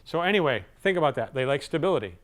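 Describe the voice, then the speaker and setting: Sales trainer, male, a touch high-voiced, lively and chatty, plays out customer lines. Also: fast. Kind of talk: live sales training talk.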